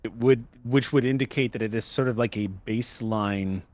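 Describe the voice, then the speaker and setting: A man's voice: medium pitch, normal speed, darkish tone, dry recording. A man acting as game master, patiently explaining rules and narrating a tabletop role-playing game.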